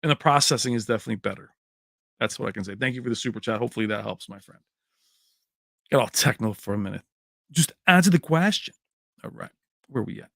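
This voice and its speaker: A man's voice: mid-range voice, creaky, a bit bright, dry recording, clean studio sound. A man hosting a tech livestream in a casual, chummy way, chatting with viewers and calling them baby. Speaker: tech channel host.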